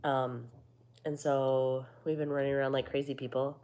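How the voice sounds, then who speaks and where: Low nasal woman chatting away, kinda hoarse, swears a lot, lots of um and like. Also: little pitch movement, normal speed, dark tone. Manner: chatty, swears casually, many fillers. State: losing her voice. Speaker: vlogger. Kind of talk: casual chat to a live audience.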